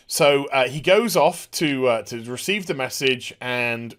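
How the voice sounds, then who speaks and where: A man casually recapping a TV episode, excitable and full of scene retellings. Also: mid-range voice, measured pace, hardly any pauses. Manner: excitable, retells scenes with rough impressions and sound effects. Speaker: TV show reviewer.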